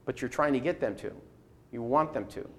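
A man's voice: mid-range voice, a little fast, a bit bright, slight background noise. A man teaching a Bible class who poses rhetorical questions and acts out quoted replies.

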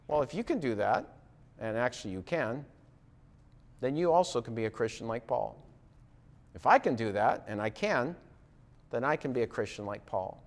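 A man preaching a sermon, earnest and direct, often putting rhetorical questions to his listeners. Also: fairly high pitch.

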